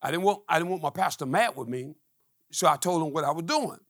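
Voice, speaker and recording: A middle-aged man preaching a testimony sermon, telling stories with quoted dialogue and rising to shouts. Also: fairly high pitch, a little fast, dry recording, clean studio sound. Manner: call-and-response preaching, climbing to shouts.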